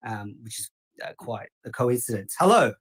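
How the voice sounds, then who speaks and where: A man's voice: medium pitch, very animated, normal speed, slightly rough. A man hosting a call-in show, sarcastic and mock-polite. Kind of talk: live call-in show talk.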